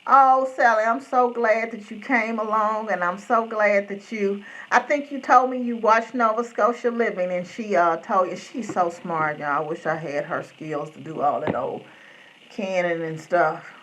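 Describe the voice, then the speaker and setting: A woman's voice: mid-range voice, unhurried, a bit bright, low-quality recording. A middle-aged woman, hosting a rambling live-stream chat and greeting viewers by name. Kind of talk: casual chat.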